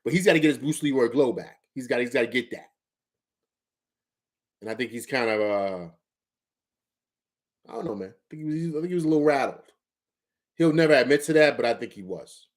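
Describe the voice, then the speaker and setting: A man's voice: mid-range voice, lively intonation, fairly quick, pauses often. A man from Harlem, New York, talking through a game on his live sports show in a mid-range voice. He hammers his points home by repeating them. At times he sounds like a coach barking instructions from the sideline. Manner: emphatic, repeats phrases, coaching tone. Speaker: sports talk show host. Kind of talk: casual live sports talk.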